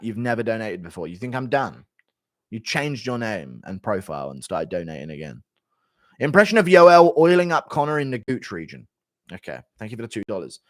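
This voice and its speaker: A man's voice: on the high side, dry recording, clean studio sound. A 25-year-old man hosting a livestream. He chats casually, reads out donations and banters bluntly with his chat. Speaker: livestream host.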